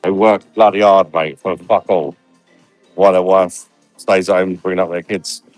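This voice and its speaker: A man's voice: sits low, fairly even intonation, normal speed, a little mellow, no room sound, faint music behind. An English man vlogging casually from a holiday resort, talking bluntly and swearing freely. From England. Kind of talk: casual vlog chat.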